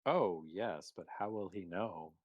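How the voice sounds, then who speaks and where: A man's voice: low-pitched, slow, a little mellow, lo-fi sound. A man playing a tabletop game, asking hesitant questions. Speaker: player. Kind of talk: casual chat.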